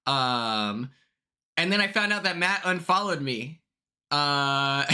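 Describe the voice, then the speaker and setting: A young man hosting a livestream, chatting casually in a blunt, sassy way, swearing freely and quick to apologize. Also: on the high side, expressive, bright, forceful tone. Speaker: livestream host.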